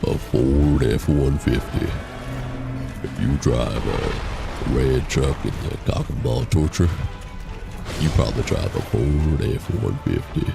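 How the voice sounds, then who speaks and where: A man putting on a deep-voiced male truck commercial announcer, with a slow, drawn-out pitch-man cadence. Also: expressive, over music, heavily acted. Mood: mock-serious. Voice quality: deepened, low gravelly delivery.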